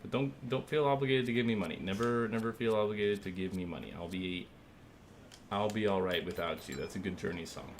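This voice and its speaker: A male streamer chats casually at his desk mic, his voice sitting on the lower side. He rambles and thinks aloud between fillers, calm and easygoing. A faint background hum stays under his voice. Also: fairly quick. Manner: thanks viewers and thinks aloud while working. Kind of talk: casual live-stream chat.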